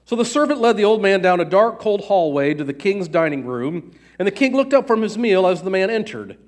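A man narrating a fairy tale aloud in an even storytelling cadence. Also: sits high, a little fast.

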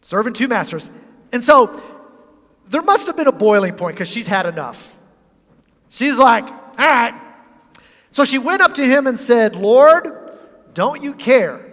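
A high-pitched male pastor preaches with animated humor, acting out the scenes of his story. His voice carries through a church sanctuary with a long, ringing hall reverb. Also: moderate pace, pauses often. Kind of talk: sermon.

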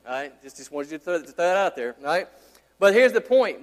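A man's voice: high-pitched, expressive, normal speed. A man in his thirties, a pastor, preaching an emphatic sermon with repeated rhetorical questions. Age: 30s. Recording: long hall reverb.

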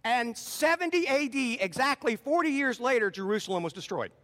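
A man's voice: very high-pitched, expressive, a little fast, a bit bright. A man preaching a sermon, reading scripture aloud with rising emphasis and then explaining it plainly. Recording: long hall reverb.

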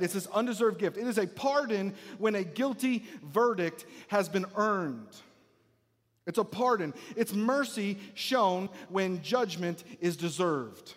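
A man preaching a sermon, emphatic and repetitive, often dropping to a near-hush to drive points home. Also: high voice. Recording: long hall reverb.

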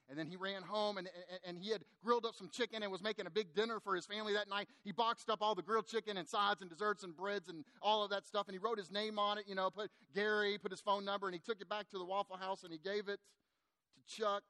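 A man preaching, telling a long story to make his point, animated at times and hushed in the sad parts. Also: sits high, quick pace, no echo. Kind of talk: sermon storytelling.

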